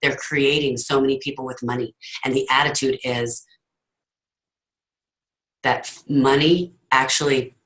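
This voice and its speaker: Over a video call with poor audio, a woman with a very deep, slightly bright voice gives her team an earnest, emphatic motivational talk. As the team leader hosting the call, she shares her own story.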